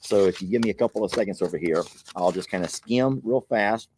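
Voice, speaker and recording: A man's voice: on the low side, fairly quick, darkish tone, husky. A man, chuckling and grateful as he hosts a casual chat, reading viewer mail aloud. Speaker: channel host opening viewer mail.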